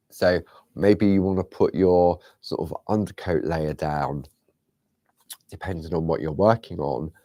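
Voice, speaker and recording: A man hosting a craft show, chatting casually and rambling a little as he demonstrates, sometimes dropping to a soft near-whisper. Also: low voice, gravelly, no echo.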